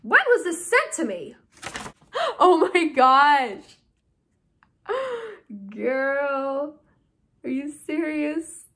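Young woman vlogger, high and bright, excitable, gushing casual chat. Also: extremely slow, pauses often. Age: young adult. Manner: bubbly and excitable, gushing with thanks. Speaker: YouTuber opening fan mail.

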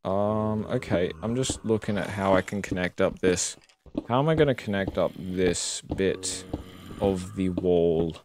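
A man's voice: deep voice, a little slow. A man streaming a video game, rambling casually and swearing as he plays. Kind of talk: casual live-stream commentary. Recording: noisy home stream recording.

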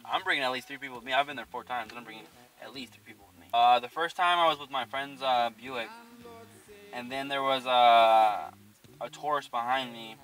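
A young man casually telling a spooky story, animated and profane, laughing often. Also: mid-range voice, a little fast. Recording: distant mic.

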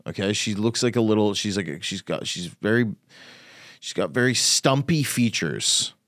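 A man's voice: fairly low pitch, animated, normal speed, fairly bright tone, no echo, clean studio sound. A comedian hosting his own podcast, ranting bluntly and profanely in a casual solo talk. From Canada.

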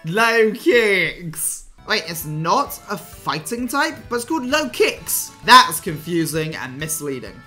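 Male let's play host, playful and gushing, bright with lively pitch. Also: measured pace, hardly any pauses, faint music behind. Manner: excitable and playful, gushing over his creatures. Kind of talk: casual gameplay commentary.

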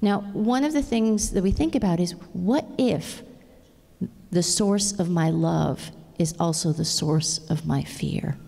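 A middle-aged woman gives an earnest, engaging plenary talk in a large conference hall, frequently checking in with the audience. Her fairly low voice is creaky and dark at a measured pace, with the long reverb of the big hall.

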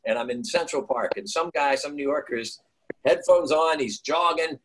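A man's voice: on the high side, moderate pace, slight background noise, poor audio. A middle-aged man, a guest actor, telling stories on a video call and acting out the people in them. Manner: animated, acts out quoted voices. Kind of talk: storytelling in a video-call interview.

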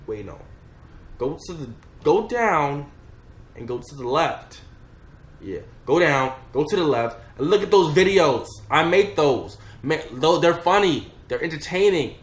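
A man's voice: fairly high pitch, big pitch swings, measured pace. A young man telling a rambling, profane story in a casual storytime vlog. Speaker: vlogger. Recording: echoey room with faint noise.

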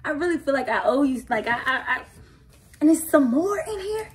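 A young adult woman reacting to gifts in a casual unboxing vlog, excitable and emotional, full of slang and exclamations. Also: high voice, a little fast. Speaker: vlogger opening gifts.

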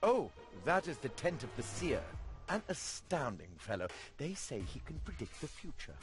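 Whiny beggar guy, high and swoopy, kinda dramatic, faint music. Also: very animated, moderate pace. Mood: dry. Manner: whiny and pleading, then dry and witty. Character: ragged male street beggar, overly theatrical. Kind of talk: video game voice acting.

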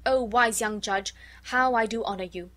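A woman's voice: a little high, moderate pace, bright, forceful tone. A woman reading the lines of a vengeful, unyielding male moneylender in a storybook, with little change from her own voice. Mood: insistent.

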